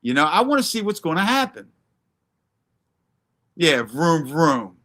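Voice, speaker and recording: A man's voice: on the high side, big pitch swings, a little slow, bright, forceful tone. A man hosting a livestream, ranting in a brash, profane, confrontational way and answering chat by name. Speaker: livestream host.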